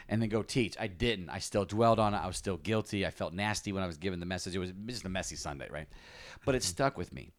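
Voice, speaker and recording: A man's voice: lowish voice, fast talker, no room sound. Earnest man sharing a confessional testimony. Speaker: pastor. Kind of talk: personal testimony in conversation.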